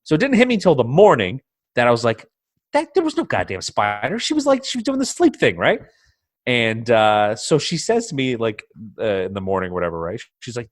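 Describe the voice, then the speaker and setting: A man co-hosts a casual podcast over a remote call on a computer mic, telling stories full of swearing and acting out his own alarm. His voice is medium in pitch, a little fast, and swoops wildly up and down.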